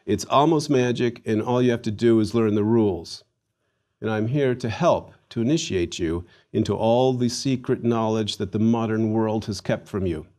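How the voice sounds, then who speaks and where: A man teaching a recorded Latin lesson, leading slow, deliberate pronunciation drills and giving emphatic, theatrical readings of Latin words. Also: on the low side, dark tone.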